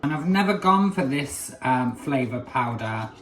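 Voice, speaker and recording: A man's voice: medium pitch, lively intonation, measured pace. Chatty, swearing male vlogger. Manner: chatty, swears freely, many fillers. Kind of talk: casual vlog chat. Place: home.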